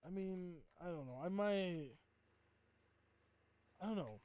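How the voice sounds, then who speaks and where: A man chatting casually with viewers while playing a game, rambling and breaking into excited outbursts. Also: high voice, slow, clear, resonant tone. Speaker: game streamer. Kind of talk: casual gameplay chat with viewers.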